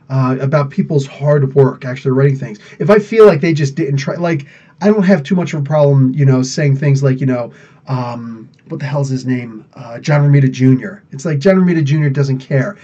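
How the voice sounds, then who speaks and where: A man hosting a live podcast stream, chatting casually, rambling and laughing as he answers viewers. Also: a little high. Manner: rambling, animated, laughs often. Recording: dull lo-fi sound.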